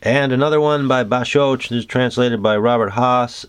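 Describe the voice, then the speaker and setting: A man hosting a reflective solo talk about haiku, musing and halting, with many fillers and restarts. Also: medium pitch, smooth. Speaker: host.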